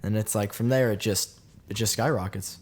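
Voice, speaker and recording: A man hosting a casual tech podcast, lively and quick to jump between points. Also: on the low side, slight background noise. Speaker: podcast host.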